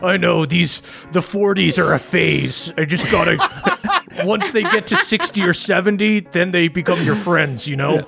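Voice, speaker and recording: A man voicing a fussing old deep-folk mother with a high, gravelly, scolding voice. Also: moderate pace. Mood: tearful. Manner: scolding, shouting.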